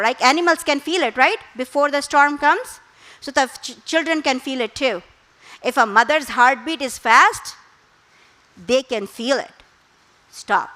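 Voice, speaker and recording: A middle-aged woman, a therapist, speaking as a guest speaker on parenting, calm and instructive. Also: high voice, poor audio. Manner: calm, instructive, with acted quotes. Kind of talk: parenting talk.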